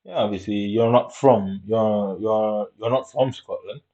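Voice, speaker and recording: A man talks in a casual, meandering monologue. He repeats himself, drops street slang and swears freely. His voice sits on the low side, and the recording sounds dull and lo-fi. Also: fairly even intonation, unhurried, warm tone. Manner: rambling, repetitive, profane street slang.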